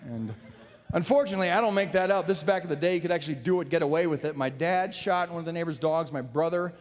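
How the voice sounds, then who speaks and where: A man from Nebraska doing a stand-up comedy set, telling animated stories and acting out voices, in a large theater. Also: on the high side, fast. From Nebraska, USA. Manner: animated storytelling with acted-out voices. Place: large performing arts theater. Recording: live stage in an echoey hall.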